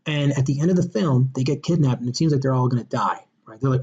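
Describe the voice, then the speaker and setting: A man's voice: medium pitch, quick pace, few pauses, muffled recording. A man hosting a podcast, chatting casually about a movie and acting out scenes with quoted lines. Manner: animated, retells scenes with acted quotes. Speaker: podcast host. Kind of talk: casual movie review chat.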